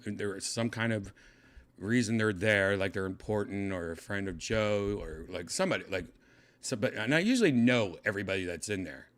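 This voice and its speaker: Male host, low voice, animated pitch, rambling storyteller. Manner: rambling, self-interrupting, mimics others in high voices. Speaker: podcast host. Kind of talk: casual storytelling monologue.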